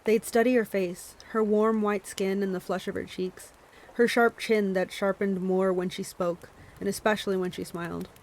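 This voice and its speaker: A woman's voice: mid-range voice, fairly even intonation, moderate pace, darkish tone, rough recording. Woman streamer reading a novel aloud. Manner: reads with small stumbles and self-corrections, chats to viewers between passages. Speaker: streamer hosting a book club.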